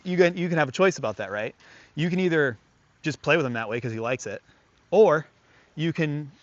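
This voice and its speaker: A man's voice: mid-range voice, a bit bright, dry recording, dull audio. Chatty man teaching dog training. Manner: chatty, filler-heavy, talks to the dog in bursts of praise and commands. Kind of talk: casual hands-on lesson.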